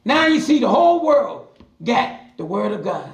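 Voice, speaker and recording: A high-voiced man with vocal fry and big pitch swings leads a Bible study at normal speed, hollering his points like a passionate preacher and repeating them to drive them home. The mic sits at a distance in an echoey room.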